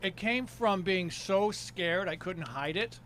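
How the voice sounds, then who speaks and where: A man from Detroit, a stand-up comedian, telling stories in a dry, deadpan way in casual podcast chat. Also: high voice, takes it slowly, slight background noise.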